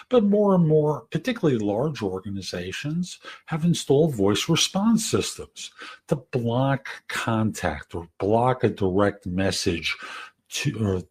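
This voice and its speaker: A man in his later years, hosting a podcast, giving career advice in a soft, gentle, conversational way. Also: fairly low pitch, takes it slowly, husky. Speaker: career coach and podcast host. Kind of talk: casual advice talk.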